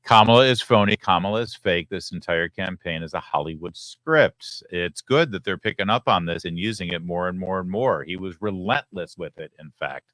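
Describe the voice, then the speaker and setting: A man's voice: low-pitched, normal speed, hardly any pauses, a bit bright, no echo, rough recording. A male show host giving punchy, emphatic political commentary.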